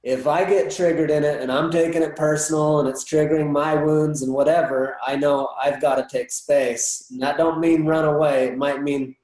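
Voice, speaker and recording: A man's voice: a little high, fairly even intonation, moderate pace, hardly any pauses, a little mellow. A man speaking as a guest in a candid personal conversation, earnest and reflective, often restarting his sentences. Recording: echoey room.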